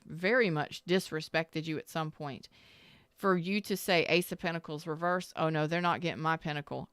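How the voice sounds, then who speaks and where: A woman's voice: on the low side, a bit bright, clear, resonant tone, no echo, clean studio sound. Sassy, blunt woman reading tarot. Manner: blunt, sassy, emphatic, acts out the listener's inner voice. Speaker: tarot reader. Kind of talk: casual tarot reading to camera.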